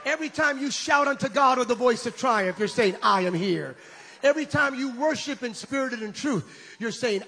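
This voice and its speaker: A man preaching a sermon with impassioned shouted peaks, leading his congregation in call-and-response. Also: very high voice, gravelly, slight background noise. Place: church sanctuary. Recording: long reverb of a large hall.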